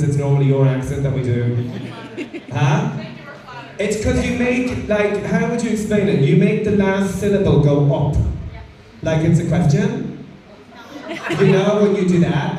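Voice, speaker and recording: On a comedy club stage, an Irish stand-up comedian does profane, cheeky crowd work, teasing the audience as they laugh. His voice is fairly high, warm, animated, and a little fast. The recording is echoey and captured from far off.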